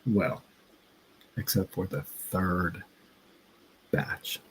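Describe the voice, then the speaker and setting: A man hosting a casual livestream, telling a story in a rambling, halting way and breaking off to greet his chat. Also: low voice, a little hiss or hum, low-quality recording. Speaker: livestream host.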